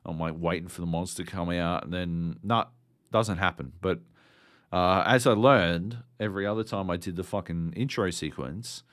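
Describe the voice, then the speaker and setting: A man talks casually as a podcast co-host, rambling and swearing freely, with lots of "uh" and "like." His voice sits fairly low. The sound is dry and close, with no room around it. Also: no room sound. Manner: rambling, profane, with many fillers.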